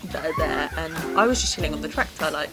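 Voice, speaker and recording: A young woman hosts a casual podcast chat and tells her story with lively energy. She laughs often and acts out the voices of the people in it. Music plays underneath. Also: low-pitched, quick pace. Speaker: podcast host.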